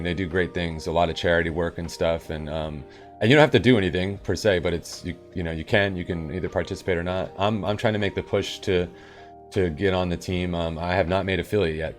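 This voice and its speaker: A man live-streaming and chatting casually with viewers, rambling and upbeat in his morning voice. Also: sits low. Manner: rambling and upbeat, with sudden loud bursts.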